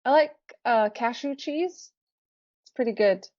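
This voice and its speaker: A woman's voice: fairly high pitch, unhurried, a crowd in the background. A woman who sings in a band, a guest in a casual interview, talking earnestly and laughing easily. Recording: dull lo-fi dry sound.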